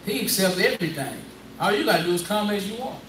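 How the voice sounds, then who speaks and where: A man with a high voice preaches in a loose, conversational call-and-response style and keeps prodding a Bible reader. His voice comes from a distance in an echoey room, with a faint room hum behind it. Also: lively intonation, quick pace, a bit bright. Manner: conversational, prodding, repeats phrases.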